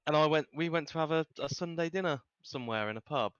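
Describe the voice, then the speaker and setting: A man's voice: fairly high pitch, quick pace, a bit bright, clean tone, dry recording. Hesitant man on a dull, dry mic. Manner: hesitant, full of restarts. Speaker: podcast co-host. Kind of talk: casual podcast chat.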